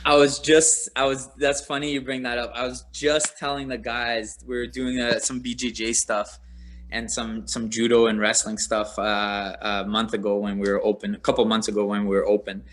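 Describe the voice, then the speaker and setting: Bright-voiced ex-fighter guy rambling through stories, laughs a lot, casual chat. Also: medium pitch, moderate pace, slight background noise. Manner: animated, rambling, laughs often, many fillers. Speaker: former MMA fighter, guest. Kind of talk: casual interview storytelling.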